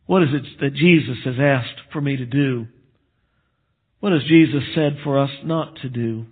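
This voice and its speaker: A man preaching a sermon as a pastor, earnest and emphatic, dropping to a low hush on solemn points. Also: normal speed, slightly rough. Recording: tinny phone-like sound.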